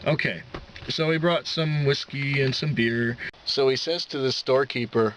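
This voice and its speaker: A man's voice: medium pitch, fairly even intonation, normal speed, fairly bright tone, slight background noise, poor audio. A man who drives a taxi, telling a story in a casual vlog, rambling with lots of fillers and restarts.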